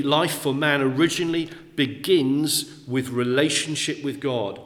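Slow, deliberate preacher in echoey hall. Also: male voice, medium pitch. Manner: slow, deliberate, repeats key phrases for emphasis. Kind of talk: sermon. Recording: echoey hall with long reverb.

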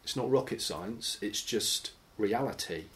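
Animated man leading Bible study. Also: lowish voice, a little slow. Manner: conversational, animated, acts out imagined voices. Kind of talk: informal teaching sermon.

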